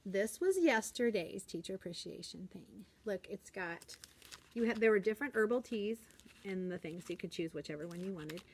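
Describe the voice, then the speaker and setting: A woman teacher talks in a bright, chatty way as she films in her classroom. Her voice sits in the middle of the range, and the recording has a faint hiss. She holds the camera herself and keeps the talk casual. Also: expressive, moderate pace. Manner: chatty and upbeat, acts out kids in a high voice. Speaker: elementary school teacher. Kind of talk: casual classroom vlog chat. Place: classroom, indoors.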